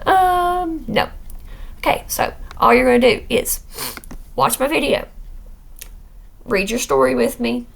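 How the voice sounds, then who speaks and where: Gravelly-voiced teacher woman explaining vocabulary. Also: sits high, lively intonation, slow, long pauses. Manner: plain, repeats words and checks with "okay?"; firm about classroom rules. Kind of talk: recorded vocabulary lesson for students.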